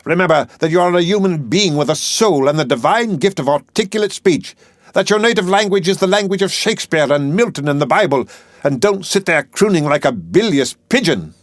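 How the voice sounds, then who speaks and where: A man's voice: medium pitch, very animated, normal speed, no echo, pitched above the performer's own voice, close to an everyday voice. Man doing an arrogant lecturing professor. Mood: scornful. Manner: lecturing, scornful, emphatic. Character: brusque, arrogant male phonetics professor.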